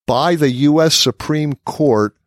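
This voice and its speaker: A man's voice: fairly high pitch, takes it slowly, no room sound, clean studio sound. A man hosting a political discussion podcast, reading quotes from his notes and laughing often. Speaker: podcast host.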